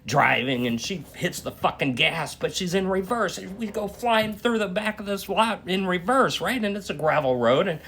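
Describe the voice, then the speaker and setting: A man casually telling a long story in a profane, animated way, tagging lines with "right?". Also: sits high, normal speed, gravelly, hardly any pauses, a little hiss or hum. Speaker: dream storyteller.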